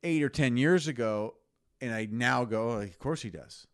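A man co-hosting a casual sports podcast, giving opinionated takes with animated asides. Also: mid-range voice, moderate pace.

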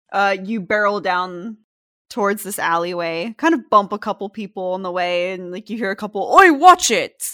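A young woman running a tabletop game as game master. She narrates in a relaxed, chatty way with fillers, at a middling pitch.

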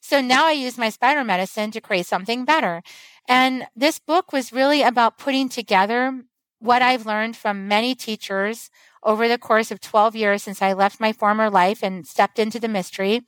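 A woman with a slightly high voice speaks earnestly in a flowing, teacherly way on a podcast. The sound is dry and close, with no room around it. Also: moderate pace, a bit bright, no room sound, rough recording. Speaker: guest author and medicine woman. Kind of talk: casual podcast conversation.

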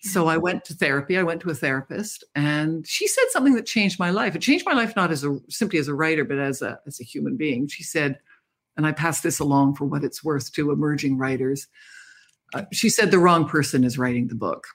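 An older Canadian woman, a guest author, speaks in an interview with a low, expressive, slightly breathy voice at a somewhat quick pace. She tells stories reflectively and candidly, laughing now and then.

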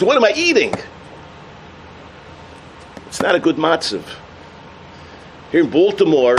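A man delivers a sermon in a high, lively voice. He tells his parables with energy and throws out the punchlines with a shout. A faint hum of noise sits under the recording. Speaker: rabbi giving a talk.

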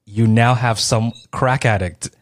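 A man's voice: mid-range voice, fairly even intonation, a little slow, no room sound, studio quality. A man hosting an interview, reacting briefly and summing up his guest's story. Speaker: host. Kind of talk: casual interview.

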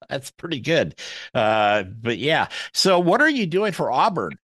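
A man hosting a podcast, chatty and quick to laugh while asking friendly questions. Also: medium pitch, very animated, a bit bright, breathy edge, dry recording. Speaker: podcast host. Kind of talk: casual podcast interview.

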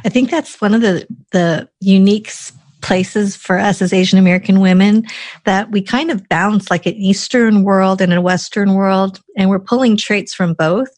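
A woman's voice: mid-range voice, steady tone, normal speed, a little mellow, dry recording. A woman hosting an interview, affirming and attentive as she reflects and asks questions. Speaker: interviewer, host. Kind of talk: conversational interview.

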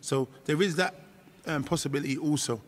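A man's voice: fairly high pitch, brisk. A man talking as a guest in a casual interview, often starting with "listen" and restarting his sentences. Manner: repeats "listen", restarts often, laughs easily.

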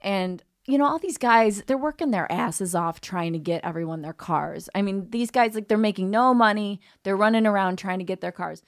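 A woman comedian telling a story on a podcast in a lively, profane way, acting out the people in it. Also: medium pitch, normal speed, hardly any pauses. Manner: animated storyteller who swears freely and acts out quoted people. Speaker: guest comedian.

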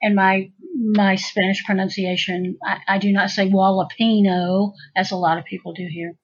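Husky-voiced chatty woman, lo-fi sound. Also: mid-range voice, level tone, normal speed. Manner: chatty, rambling with many restarts. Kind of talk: casual conversation. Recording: dull lo-fi sound.

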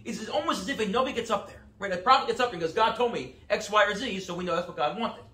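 A man giving a Torah class lecture, telling stories in an animated way and acting out the quotes. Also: high-pitched, reverberant. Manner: animated storytelling, acts out quotes with quick asides. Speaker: rabbi teaching a class.

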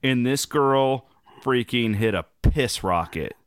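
A man hosting his podcast in casual chat, hoarse from travel, telling loose, rambling stories with the odd swear. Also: medium pitch, lively intonation, slow, background noise. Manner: loose, rambling, profane storytelling. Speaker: podcast host.

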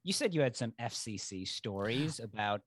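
A man chatting as a podcast guest, telling lively, rambling stories. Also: medium pitch, normal speed, no room sound, clean studio sound. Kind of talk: casual chat.

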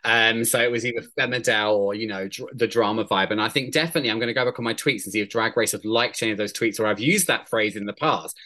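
A man from England co-hosting a podcast in a casual, enthusiastic chat. His voice is bright and forward, and his talk rambles on happily. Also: lowish voice, fast talker, few pauses. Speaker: podcast co-host.

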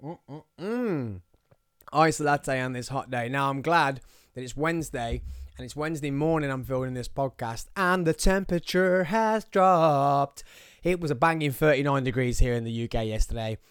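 A man in his thirties from England, with a Birmingham accent, hosts his own podcast from a small studio, chatting in a casual, jokey way and wandering off on tangents. His mid-range voice is clear and resonant, brisk in pace, with no room sound.

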